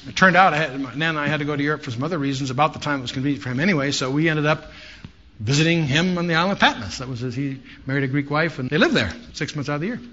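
A man's voice: on the high side, racing, bright, forceful tone. A man teaching a Bible study in a conversational way, with storytelling asides. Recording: dull lo-fi sound with faint hiss.

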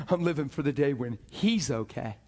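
This medium-pitched man preaches as a pastor, sharing a story from his own life in a lively way. He keeps bursting into laughter and repeats words as he goes along.

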